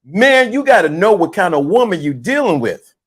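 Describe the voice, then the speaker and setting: Male streamer with a high voice, emphatic and repetitive, riffing to his chat in casual talk. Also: moderate pace, slightly rough. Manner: animated, emphatic, repeats himself; greets chat viewers mid-sentence. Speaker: livestream host. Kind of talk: casual livestream commentary.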